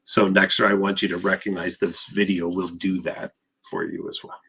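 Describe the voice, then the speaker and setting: A therapist answers questions in a live Q&A session, emphatic and conversational, with plenty of rhetorical questions. His voice sits low with a level tone, moderate pace and vocal fry, a bit bright and slightly rough.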